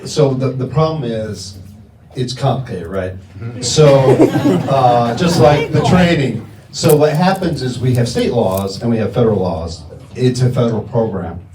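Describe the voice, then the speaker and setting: A man on a conference panel, explaining in a halting way with frequent restarts. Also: mid-range voice, background noise. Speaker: panelist answering audience questions. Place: conference room. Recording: echoey room, mic held at a distance.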